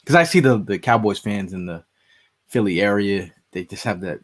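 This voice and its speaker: A man with a fairly low voice chats on a casual sports podcast. He rambles in an easygoing way and fills his pauses with "uh". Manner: rambling, filler-heavy, easygoing. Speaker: podcast co-host.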